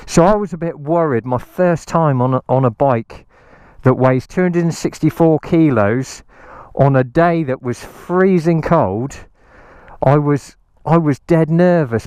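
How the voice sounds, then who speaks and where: A man's voice: mid-range voice, unhurried, darkish tone, clear, resonant tone, no echo. A man giving a casual, enthusiastic motorbike review outdoors on a hilltop, rambling with many ums. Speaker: motorcycle vlogger.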